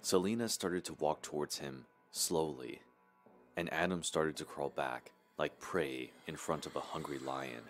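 Male horror narrator, very deep voice, steady telling, faint music bed. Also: unhurried.

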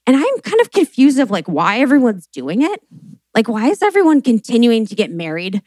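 Animated, chatty woman podcast host. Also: a little high, fairly quick, no echo. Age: late 20s. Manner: animated and chatty, full of fillers and swearing. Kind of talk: live podcast storytelling.

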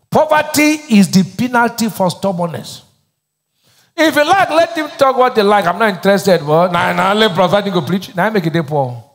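Nigerian pastor guy preaching, high pitched, swings up and down a lot, makes the crowd finish his lines. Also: big-room sound. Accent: Nigerian English. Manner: call-and-response preaching, asks the crowd to finish his sentences. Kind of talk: sermon.

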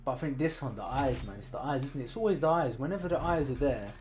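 A British man chats casually as he plays, at a middling pitch. He often sinks into a low mutter while he works. Faint music plays behind his voice. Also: lively intonation, fast. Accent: British English. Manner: chatty, drops into quiet muttering while working. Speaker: gaming streamer. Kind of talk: casual commentary while playing.

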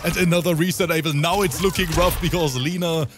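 Energetic male fighting-game commentator. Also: a little high, fairly quick. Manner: energetic play-by-play, chatty. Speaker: esports commentator. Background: game music.

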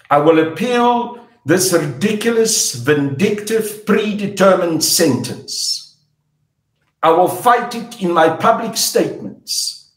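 A man's voice: fairly high pitch, reverberant. An older man with a South African accent, giving an angry, defiant public statement in an emphatic, declamatory way. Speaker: politician.

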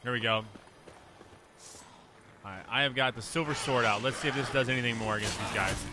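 A man's voice: medium pitch, fairly quick. A man casually commenting on his own video game playthrough, joking and talking back to the characters on screen. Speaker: gameplay commentator. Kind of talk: let's play commentary. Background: game music.

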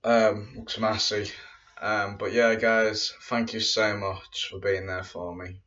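A YouTuber sits in a room at home, saying goodbye to his viewers in a casual vlog to camera. His voice sits on the low side with little pitch movement, and he speaks slowly with a sharp tone, rambling, circling back, and repeating "but yeah, guys." The lo-fi audio is dull, with the mic placed at a distance.

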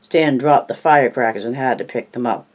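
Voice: mid-range voice, brisk. An amateur audiobook reader narrating plainly, with coughs, stumbles and self-corrections.

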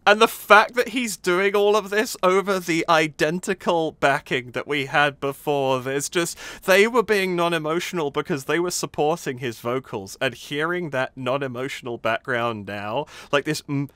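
A man's voice: a little high, moderate pace, hardly any pauses, smooth, no room sound. A man hosting a reaction video, talking enthusiastically and laughing often as he comments on a song. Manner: animated, enthusiastic, laughs often, hums rhythms. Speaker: host reacting to a music video.

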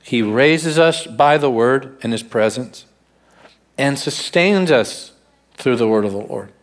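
A man's voice: mid-range voice, animated. Storytelling male pastor preaching. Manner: storytelling, slows down to stress key words. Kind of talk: sermon. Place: church service.

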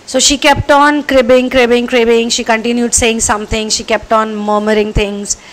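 A woman's voice: fairly high pitch, level tone, moderate pace. A woman, telling a spiritual story in a conversational way at home. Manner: warm, conversational, chatty storytelling. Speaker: spiritual counselor and channel host.

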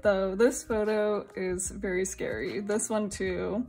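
A young woman from Singapore chatting casually while unboxing albums, giggly and gushing, now and then breaking into high squeals. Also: fairly even intonation, takes it slowly, darkish tone, soft background music. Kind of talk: excited casual chat.

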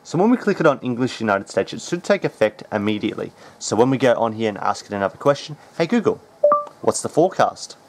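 A man hosting a casual tech how-to, talking in a relaxed, chatty way with plenty of ums. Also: fairly low pitch, quick pace, hardly any pauses. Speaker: tech tutorial host.

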